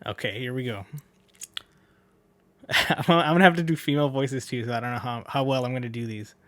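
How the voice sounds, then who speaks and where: Speaking a little fast in a mid-range, somewhat bright voice with no room sound, a man does a casual manga read-along. He comments on the pages, fixes his mistakes, and laughs at them.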